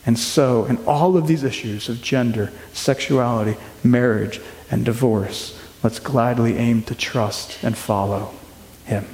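A man's voice: medium pitch, unhurried, a little mellow. A man preaching a sermon as pastor, earnest and asking the congregation rhetorical questions. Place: church sanctuary. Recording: echoey hall reverb.

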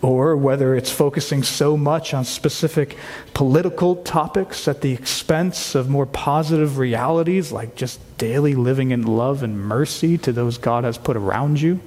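A man's voice: medium pitch, moderate pace, darkish tone. A male pastor preaching a sermon, earnest and emphatic, asking rhetorical questions as he explains a passage. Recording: long hall reverb.

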